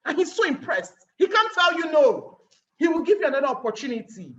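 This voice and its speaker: Nigerian woman for a webinar talk: animated, plays out scenes, very expressive pitch; muffled lo-fi recording. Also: brisk. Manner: animated, acting out little scenes and asking rhetorical questions. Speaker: guest speaker.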